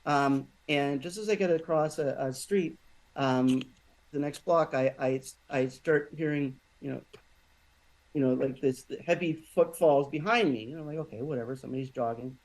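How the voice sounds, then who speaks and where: A man in a casual podcast conversation, telling a personal story in a halting way, with many restarts and fillers. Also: fairly high pitch, a little mellow, rough recording. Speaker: podcast guest.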